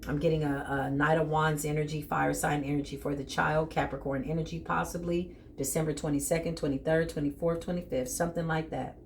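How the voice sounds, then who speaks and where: Blunt tarot reader, a woman, deep voice, faint hiss behind. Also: level tone, fairly quick, few pauses. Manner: blunt, emphatic, talks straight to the viewer. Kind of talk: spiritual tarot reading to viewers.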